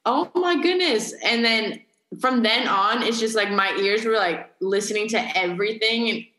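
A woman's voice: mid-range voice, steady tone, moderate pace, pushed and bright. A young woman from California, a college athlete, chatting casually in an interview and filling her talk with "like". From Carlsbad, California. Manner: chatty, heavy use of "like". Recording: echoey room.

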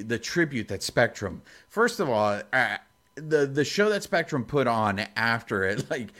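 A man's voice: mid-range voice, pushed and bright. A man co-hosting a casual podcast, telling a story in a rambling, emotional way with many restarts. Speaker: podcast co-host. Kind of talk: casual chat.

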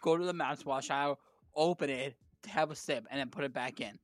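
A man's voice: mid-range voice, fairly quick, no echo. A young man co-hosting a podcast, talking bluntly and emphatically in casual chat. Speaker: podcast co-host. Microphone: studio podcast mic.

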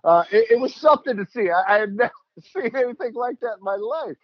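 High-voiced animated male storyteller. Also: quick pace, no echo. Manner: animated, laughing, acts out quotes. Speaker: host, former player. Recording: dull, lo-fi dry sound.

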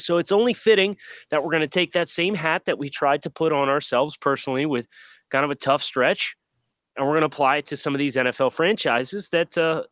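An easygoing man co-hosts a sports podcast over a video call, at an ordinary male pitch. He talks loosely and jokes around, with the odd "uh." The recording is dry and close. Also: fairly bright tone, no echo. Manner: easygoing, joking, some fillers. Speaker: podcast co-host. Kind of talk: casual sports podcast chat.

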